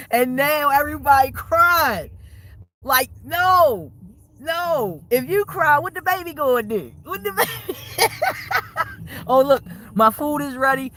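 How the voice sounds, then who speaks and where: A woman's voice: mid-range voice, fairly bright tone. A woman livestreaming and chatting casually with her viewers, rambling, swearing freely and laughing often.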